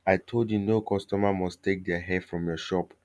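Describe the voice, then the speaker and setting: Baba the herbalist, a grave, cold old man, read by a deep-voiced male narrator. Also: steady tone, moderate pace, a little mellow, dry recording, natural voice.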